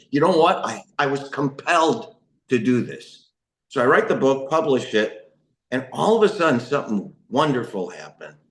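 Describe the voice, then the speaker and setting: Man, mid-range pitch, sharing a raw personal recovery testimony; emotional, rambling, lots of restarts; echoey room sound. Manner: emotional, rambling, frequent restarts and "you know". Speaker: speaker sharing his recovery story.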